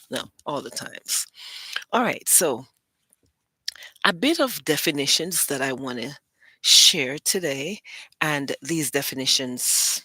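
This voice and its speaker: A woman's voice: deep voice, sharp tone, no room sound. A woman hosting her own livestream show, talking in a casual, rambling and playful way. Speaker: host and publisher.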